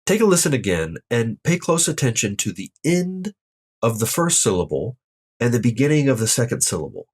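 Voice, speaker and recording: Husky-voiced man teaching with lively pitch. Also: brisk. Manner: explains step by step and demonstrates each tone aloud; upbeat, addresses viewers directly. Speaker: Mandarin tone teacher. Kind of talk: online language lesson.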